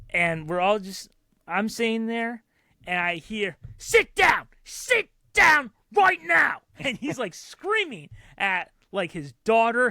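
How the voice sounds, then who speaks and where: A man co-hosting a podcast, telling animated stories in casual chat and acting out the people he quotes. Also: high-pitched, no echo, studio quality. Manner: animated storyteller who acts out loud quoted voices. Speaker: podcast co-host.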